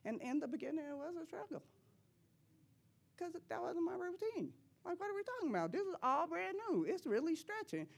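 At church, a woman gives a forceful personal testimony in loose, slangy preaching talk, frequently laughing between her lines. Her voice is very high and gravelly, with a sing-song lilt and a slightly fast pace.

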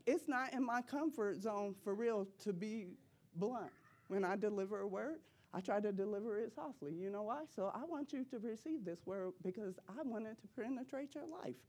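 A woman's voice: medium pitch, expressive, moderate pace, a little mellow. A woman speaking at church, giving an emphatic personal testimony sermon in a casual, slangy way and laughing often between her lines. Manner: casual, slangy preaching talk.

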